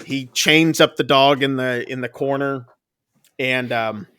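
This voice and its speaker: Bright-voiced man recapping a film. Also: medium pitch, steady tone, a little slow, smooth. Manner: recaps plot loosely with many fillers and "like". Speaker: podcast co-host. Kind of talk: casual movie review chat.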